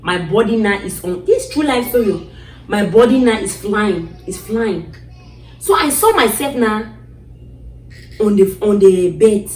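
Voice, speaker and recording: A woman's voice: mid-range voice, lively intonation, measured pace. Dramatic woman storyteller, echoey and distant. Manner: dramatic, reenacts her own cries and pleas. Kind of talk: personal storytelling. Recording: distant mic in an echoey room.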